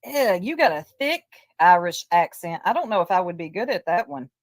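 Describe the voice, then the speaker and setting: A woman's voice: lowish voice, sing-song, moderate pace. A woman from Tennessee with a Southern accent, gossiping bluntly on a casual livestream and laughing often. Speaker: streamer.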